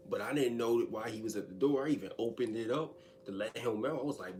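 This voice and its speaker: A man telling a story in a casual storytime monologue, slangy and animated, and speaking directly to his listeners. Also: medium pitch, a little fast, few pauses, a little hiss or hum.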